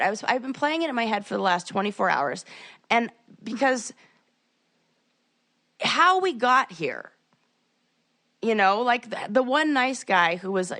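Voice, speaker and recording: A woman in her forties co-hosting a podcast, telling a story in a ranting, animated way and acting out the quotes. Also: mid-range voice. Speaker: podcast co-host. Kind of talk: casual chat.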